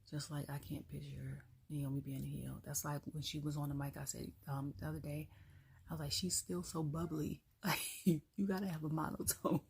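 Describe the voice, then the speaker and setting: A low, gravelly woman talks through a wrestling show in a loose, chatty rant. Her voice is husky and rough, and she slips into quoted voices and breaks into laughter as she goes. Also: dark tone. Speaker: wrestling review vlogger. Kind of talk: casual solo rant.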